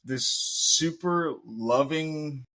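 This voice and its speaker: A man co-hosting a podcast, telling stories in casual chat, animated and given to swearing. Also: a little high, very slow. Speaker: podcast co-host.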